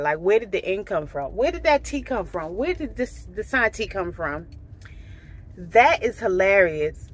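A chatty woman vlogger tells a story to her viewers in an easy, animated way. Her voice sits at a middle pitch, with a faint hum of noise behind it. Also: moderate pace. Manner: chatty, animated, says "right?" and "um" often. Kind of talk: casual storytelling to camera.

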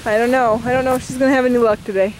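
A woman's voice: a little high, a little mellow. A young woman in her twenties chatting and giggling through a casual family vlog. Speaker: family vlogger and mother. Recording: noisy handheld camera audio.

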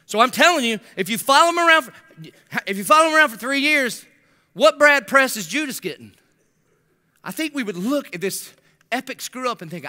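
This middle-aged pastor has a high-pitched, bright, forceful voice with lively intonation, speaking briskly and pausing often. His sermon is full of animated storytelling, where he voices the characters and cracks slangy jokes.

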